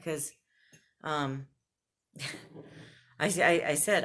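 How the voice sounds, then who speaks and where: A woman's voice: low voice, drawn-out words, long pauses, a bit bright. A woman vlogger venting to camera, blunt and frustrated, laughing between complaints. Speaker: fashion subscription box vlogger.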